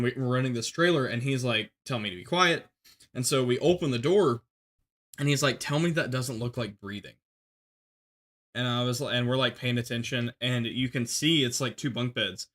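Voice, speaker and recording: Bright-voiced man rambling through a war story. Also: medium pitch. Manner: rambling, full of restarts and fillers, shouts when reenacting. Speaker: podcast guest telling a war story. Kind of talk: casual storytelling on a podcast.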